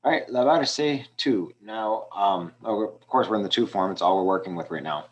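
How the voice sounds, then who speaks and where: A man teaching a language lesson over a screen walkthrough, talking his students through exercises step by step in a relaxed way with frequent ums. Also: fairly low pitch, moderate pace, dull audio. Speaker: Spanish teacher.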